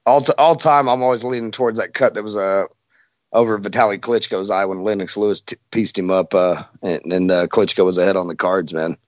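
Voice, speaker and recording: A man's voice: fairly low pitch, fairly even intonation, a little fast, no room sound, lo-fi sound. A man with a Texan accent talking casually as a podcast guest, rambling with lots of uh and restarts. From Texas, USA. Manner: rambling, many fillers and restarts.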